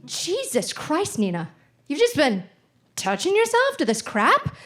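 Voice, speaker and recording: A woman playing a horrified, angry middle-aged mother who scolds in a shrill, exasperated way. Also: huge pitch swings, a little slow, fairly bright tone, exaggerated voice. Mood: scolding.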